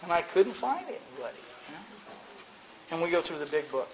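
A man's voice: sing-song, brisk, rough recording. A middle-aged man sharing his personal story at a recovery meeting, in a conversational way, filled with "you know" and laughing at himself. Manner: acts out both sides of dialogues with sudden rises in pitch. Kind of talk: personal testimony to a group.

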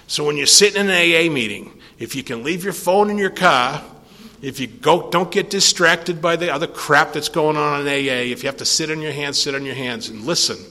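An older man speaking at a recovery meeting, telling a rambling, animated story and acting out the conversations in it. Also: a little high, a little fast. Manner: rambling, animated storyteller who acts out dialogue. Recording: long hall reverb.

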